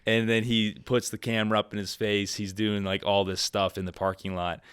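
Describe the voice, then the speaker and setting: A man hosts a podcast, telling stories in casual conversation, laughing often and acting out the voices of people he quotes. His voice is on the low side, fairly quick and smooth, with no echo.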